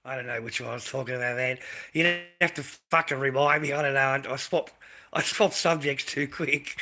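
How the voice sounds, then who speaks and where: A man's voice: mid-range voice, fairly even intonation, a little fast, bright, forceful tone. An Australian man on a livestream, delivering a crude, rambling rant full of swearing and repeated phrases.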